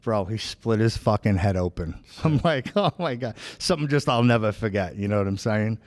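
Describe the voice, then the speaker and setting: Low-ish and brisk, this male podcast host speaks with a New York accent, telling rambling, profane stories in casual chat. "Right?" and "bro" come up constantly, and the sound carries long hall reverb.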